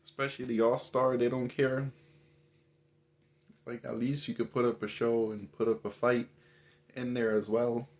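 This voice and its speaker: A man's voice: medium pitch, flat delivery, moderate pace, long pauses, a little mellow. A man, giving a casual, exasperated opinion rant full of emphatic rhetorical questions. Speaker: commentator.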